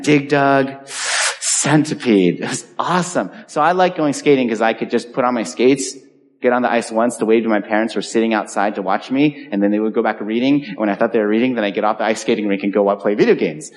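A man's voice: mid-range voice, brisk. A man preaching a sermon, telling a story and acting out the people in it. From California. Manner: animated storyteller acting out voices. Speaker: pastor. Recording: long hall reverb.

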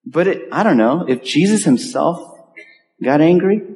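A man preaching a sermon in an earnest, conversational way, with pauses and restarts. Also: on the high side, animated, darkish tone. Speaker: pastor. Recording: long hall reverb.

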